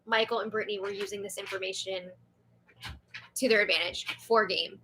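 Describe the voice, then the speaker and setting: Bright, giggly young woman host. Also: medium pitch, steady tone, fairly quick, a little hiss or hum. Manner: chatty, giggly, filler-heavy. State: sore throat. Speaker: show host. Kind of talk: livestream chat reading viewer comments.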